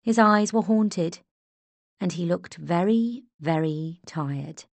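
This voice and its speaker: A woman narrating an audiobook in a measured, unhurried way, close to the mic. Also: fairly low pitch, vocal fry, no room sound. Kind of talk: scripted narration.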